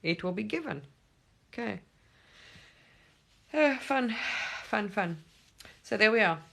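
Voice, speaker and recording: A spiritual teacher talking casually to camera at home, animated, swearing and laughing often. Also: mid-range voice, slow pace, vocal fry.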